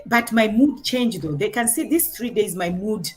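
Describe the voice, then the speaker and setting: With soft music in the background, a woman speaks at normal speed in a medium-pitched, breathy voice. This middle-aged guest with a Kenyan accent recounts a parenting story in conversation, performing the quoted lines with animation.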